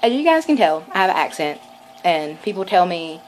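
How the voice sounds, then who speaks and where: A woman's voice: lowish voice, very animated, a little fast, a little hiss or hum, rough recording. A woman, telling a rambling story to camera at home with lots of fillers. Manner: rambling and chatty, with many fillers and restarts. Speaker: vlogger.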